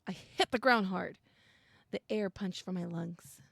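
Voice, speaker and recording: Excitable young woman with gravelly fry. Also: lowish voice, a little slow, no echo. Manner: excitable, gasps and squeals at scary moments, mixes in Spanish. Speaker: streamer playing a visual novel. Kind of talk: reading game text aloud with reactions and chat.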